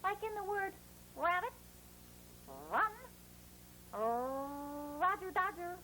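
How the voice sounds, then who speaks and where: A performer voices a cheerful puppet boy teaching children to write letters, bouncing along in a sing-song, encouraging way for a playful kids' lesson. The voice is very high, bright, forceful, and exaggerated, with drawn-out words and a cheery mood, though the rough recording carries a little hiss or hum.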